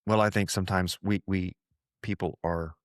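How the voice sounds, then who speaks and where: Speaking at normal speed with a low voice and fairly even intonation, this man reflects on faith as he hosts his podcast. His tone is earnest and conversational, he often repeats points, and he mimics voices for quotes; the studio audio is clean with no echo.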